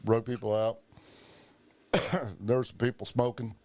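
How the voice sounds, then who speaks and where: A man's voice: medium pitch, fairly even intonation, measured pace, darkish tone. A man hosting a podcast, telling profane stories in casual chat and acting out the voices of the people he quotes. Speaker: podcast host.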